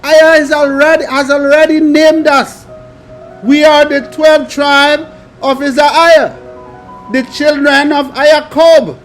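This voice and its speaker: A man preaching, reading scripture aloud and adding emphatic commentary in a slow, drawn-out delivery. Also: extremely high pitch, steady tone, soft background music.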